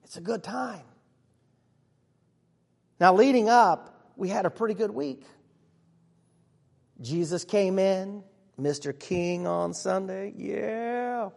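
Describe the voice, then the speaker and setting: A man playing an earnest, excitable disciple who tells his own story in a church monologue, chatty with sudden hushes and bursts. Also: sits high, slow, vocal fry, long pauses, exaggerated voice. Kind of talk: first-person dramatic monologue. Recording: long reverb of a large hall.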